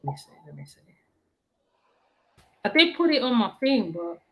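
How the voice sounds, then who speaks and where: A woman hosting a casual chat, animated, repeating herself and laughing often. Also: medium pitch, normal speed, creaky, dull audio. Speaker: host.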